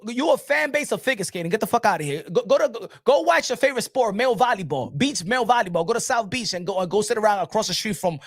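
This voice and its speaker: Animated, mocking New man ranting. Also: high-pitched, no room sound, clean studio sound. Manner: loud, mocking, laughing, with stammered restarts. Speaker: boxing commentator.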